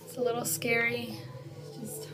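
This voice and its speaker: A woman reacting to a scary game at home, jittery and swinging between hushed whispers and squeals. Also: fairly high pitch, monotone, a little slow, over music. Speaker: video game reaction vlogger. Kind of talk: casual game reaction commentary. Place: room at home, indoors.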